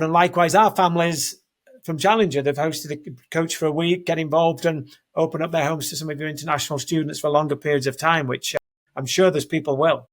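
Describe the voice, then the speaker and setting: A man in his fifties from Northern England with a Northern English accent, a guest in an interview, talking in a rambling, self-correcting way from his home. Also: on the high side. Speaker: guest, soccer program leader. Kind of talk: conversational interview. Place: home, house in Denver.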